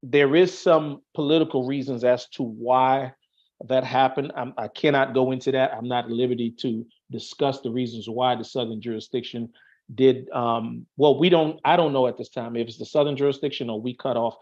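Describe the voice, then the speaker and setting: A man's voice: medium pitch, steady tone, normal speed, a little mellow, lo-fi sound. A man explaining things in casual chat, earnest and stopping to restart his sentences often. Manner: earnest, thinks aloud with many restarts and fillers. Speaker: Masonic officer, guest on an online show.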